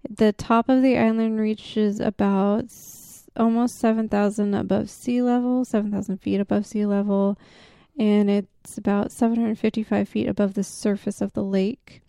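A woman's voice: mid-range voice, flat delivery, normal speed, vocal fry, warm tone, dry recording, clean studio sound. A woman co-hosting a casual podcast, telling a story with lots of fillers and easy laughs. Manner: chatty storyteller, many fillers, laughs easily. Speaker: podcast co-host. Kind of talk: casual chat.

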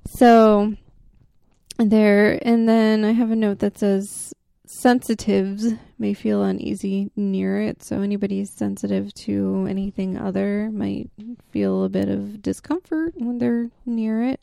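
A woman hosts a casual chat, her voice gravelly with a warm, dark tone. She rambles through her story with plenty of fillers and the odd laugh. The sound is dry and close. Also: mid-range voice, steady tone, measured pace, no echo. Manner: chatty storyteller, many fillers, laughs easily. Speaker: podcast co-host.

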